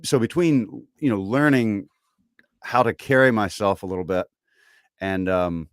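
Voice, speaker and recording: A man with a Southern American accent speaks in a fairly low, unhurried drawl. He sounds relaxed and thoughtful, letting his sentences trail off with easy fillers. The recording is dry and close, with no room sound around him. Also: no echo. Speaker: voice actor guest. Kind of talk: casual podcast conversation.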